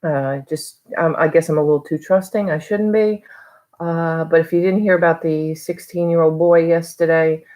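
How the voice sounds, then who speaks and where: A woman's voice: sits low, steady tone, normal speed, warm tone. A middle-aged woman from New York talking casually in a haul video, rambling with lots of fillers. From Long Island, New York. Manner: chatty, rambling with many fillers. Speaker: reseller vlogger.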